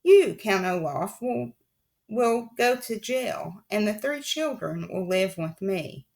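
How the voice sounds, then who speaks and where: A woman's voice: mid-range voice, animated, slow pace. A woman voicing a kindly older woman judge who speaks indignantly about wrongdoing and fondly to children, in an audiobook reading. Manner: indignant, then warm and fond. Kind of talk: audiobook character voice.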